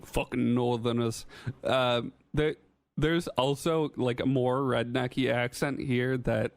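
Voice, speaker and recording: A man's voice: mid-range voice, steady tone, slow pace, creaky, no room sound. Brief: man from Wisconsin, mid-range voice, dry close mic, wry sarcastic co-host. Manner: dry sarcastic asides, swearing. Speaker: podcast co-host. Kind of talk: casual podcast chat.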